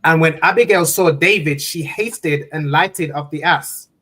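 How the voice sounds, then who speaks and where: Man slowly reading scripture aloud. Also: a little high, a bit bright, poor audio. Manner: slow, careful reading with "come on" prompts. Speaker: class member reading scripture.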